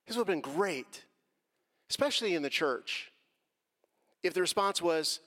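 A middle-aged man giving an earnest answer to a question on faith and race, moving from quiet reflection to impassioned emphasis. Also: fairly high pitch, expressive, moderate pace. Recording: long hall reverb.

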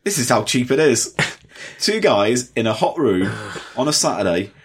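A man co-hosting a comedy podcast, chatting in a dry, wry, rambling way from a hot room in a flat on a desk microphone. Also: mid-range voice, measured pace, slight background noise. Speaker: podcast co-host. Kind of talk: casual comedy podcast chat. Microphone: USB desk microphone.

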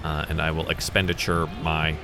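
A man from the American South narrating a tabletop game as game master, animated and chuckling between dice rolls. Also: rumbling low, moderate pace, gravelly, over music.

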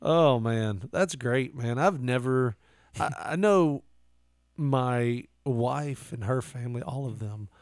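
A man's voice: mid-range voice, slow pace, dry recording, clean studio sound. A man co-hosting a podcast in casual chat, joking and laughing a lot as he riffs.

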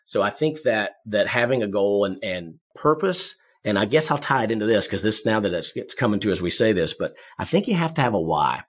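Husky guy talking fast, a bit low-voiced, chatty sales coach who repeats himself. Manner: energetic, repeats words, speaks in quick bursts. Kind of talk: conversational advice, storytelling.

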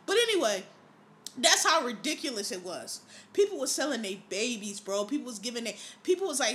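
A woman hosting a podcast in a loose, profane monologue, her voice high and bright. She tells her stories with animation and laughs often, over a faint hiss in the background. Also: sing-song, fairly quick. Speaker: podcast host.

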